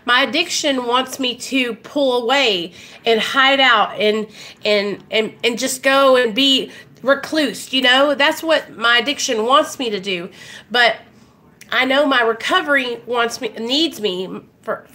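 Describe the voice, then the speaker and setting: Young woman, candid live-stream host; slightly high, bright tone. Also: measured pace. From Arkansas, US. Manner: emotional, candid, talks to viewers directly with frequent fillers and swearing. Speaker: recovery vlogger hosting a live stream. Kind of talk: casual live stream chat.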